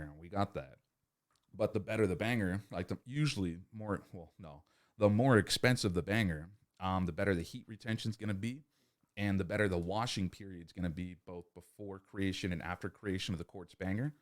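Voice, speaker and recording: Low-voiced man ranting casually, lots of swearing. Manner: profane, rambling, acts out customer scenes. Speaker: podcast host. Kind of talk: casual sales-tips podcast monologue.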